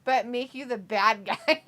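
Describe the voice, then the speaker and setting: A woman with a fairly high, fairly bright voice hosts a live watch-along stream. She reads viewer chat messages aloud in casual talk, laughing quickly here and there.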